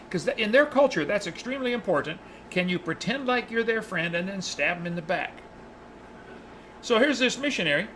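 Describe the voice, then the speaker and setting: Teaching a Bible study class, a man tells a story with real animation, acting out the characters' lines. His voice is a little high with a bright, forceful edge, and the audio is poor, with a faint hum of noise behind him.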